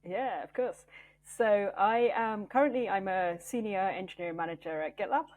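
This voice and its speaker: A woman's voice: medium pitch, moderate pace, a little mellow. A woman engineering manager talking in an interview, thoughtful and loose, with many fillers and restarts. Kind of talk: interview conversation.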